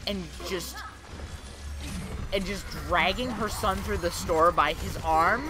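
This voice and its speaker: A man's voice: high voice, slow pace, music in the background. Rambling man chatting over a game. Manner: rambling storyteller, many fillers and restarts. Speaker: gameplay commentator. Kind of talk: casual chat over gameplay.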